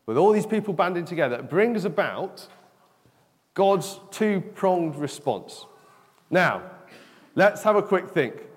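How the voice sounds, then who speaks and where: A man giving an interactive children's talk in church, chatty and often asking "okay?". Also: high-pitched. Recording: long echo of a large hall.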